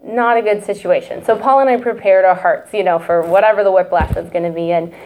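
A woman's voice: medium pitch, fairly quick, darkish tone, a little hiss or hum. A woman in her thirties giving a candid, emotional personal testimony at church, chatty and full of asides.

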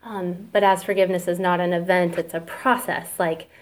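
A woman's voice: lowish voice, steady tone, moderate pace. A woman in her thirties giving a candid, emotional personal testimony at church, chatty and full of asides.

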